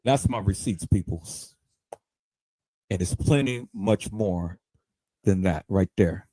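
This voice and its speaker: Low and mellow, this man's voice takes things slowly on a dry recording. He's a livestream host launching into a heated, profane rant, tripping over and repeating words as he goes.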